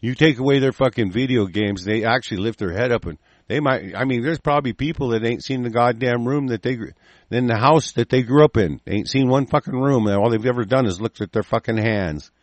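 Here a man hosting a talk show delivers a profane political rant, furious and full of swearing and rambling restarts. His voice is medium-pitched and brisk, and the recording is dry.

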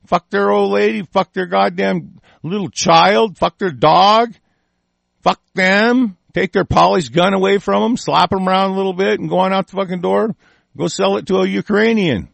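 A man's voice: high-pitched, animated, unhurried, creaky, a bit bright, no echo. A man giving a heated, profane monologue, swearing often and breaking off mid-sentence to restart. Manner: reads aloud passages and interrupts them with his own comments. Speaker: commentator. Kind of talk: angry ranting monologue.

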